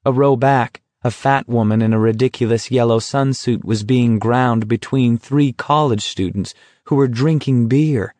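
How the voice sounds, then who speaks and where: Slow, dry-voiced male narrator. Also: mid-range voice, a little mellow, dry recording. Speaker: audiobook narrator. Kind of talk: scripted narration.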